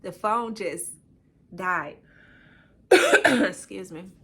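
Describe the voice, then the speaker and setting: A woman's voice: mid-range voice, drawn-out words, slightly rough. A young woman casually telling a personal story on a podcast, acting out the quoted dialogue with lots of "I'm like". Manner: animated, acts out quoted dialogue, frequent "I'm like". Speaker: podcast co-host.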